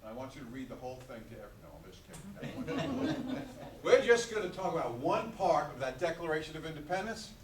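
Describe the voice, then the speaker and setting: An older man with a New York accent giving an animated, joking motivational talk to students at a school graduation. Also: on the high side, quick pace. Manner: animated, joking, asks the audience to call back. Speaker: guest speaker at a school graduation. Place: school hall. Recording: echoey hall from far off.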